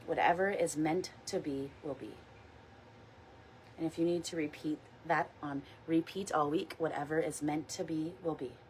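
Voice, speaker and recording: A woman leading a guided meditation, speaking softly and slowly and repeating calm mantras. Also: sits low, slight background noise, poor audio. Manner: soft, slow, reassuring, repeats mantras. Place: outdoors or near a window in wind.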